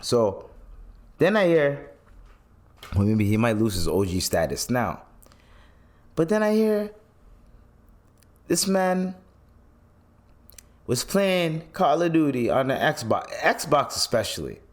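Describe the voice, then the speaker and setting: A man's voice: medium pitch, slow, pauses often. A man hosting a podcast, telling stories in a loose, profane rant and acting out the people he quotes. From Canada. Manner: animated storytelling, acts out quotes, swears freely. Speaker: podcast host. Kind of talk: casual commentary rant.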